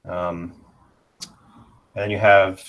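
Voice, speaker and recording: A man giving a casual online pronunciation lesson, explaining slowly with many pauses and fillers while sharing his screen. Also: low-pitched, flat delivery, highs cut off. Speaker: language teacher.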